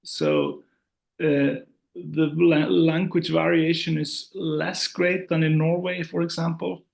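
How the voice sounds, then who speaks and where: A man's voice: fairly high pitch, expressive, slow, vocal fry, a little mellow. A man from Iceland with an Icelandic accent, a professor explaining language in a careful, hedging way as a guest. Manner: thoughtful, hedging, frequent "yeah, yeah". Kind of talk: casual academic conversation.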